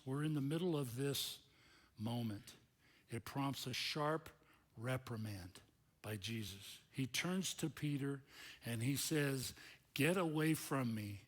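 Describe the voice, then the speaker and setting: A male pastor with a mid-range voice preaches a sermon, telling stories in an animated, conversational way.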